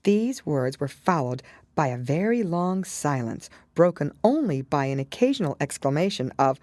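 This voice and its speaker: A woman narrating an audiobook in a measured storytelling manner. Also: sits low, very animated, darkish tone, no room sound. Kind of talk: scripted narration.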